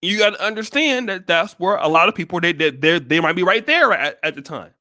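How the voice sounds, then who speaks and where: A man's voice: high-pitched, lively intonation, brisk, sharp tone, no echo, clean studio sound. An American man giving blunt, profane commentary on a live stream, with many restarts. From United States. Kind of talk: casual livestream commentary.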